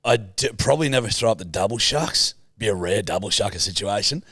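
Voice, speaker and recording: A man's voice: on the low side, lively intonation, brisk, sharp tone, slightly rough, no room sound, clean studio sound. A young Australian man co-hosting a podcast, teasing and swearing in crude banter. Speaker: podcast co-host. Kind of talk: casual chat.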